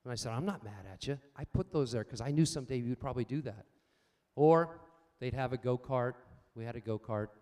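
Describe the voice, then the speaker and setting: An older man preaching a sermon, swinging between loud emphatic points and quiet personal stories, calling out for amens. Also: mid-range voice, brisk. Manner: asks the congregation for amens. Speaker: pastor.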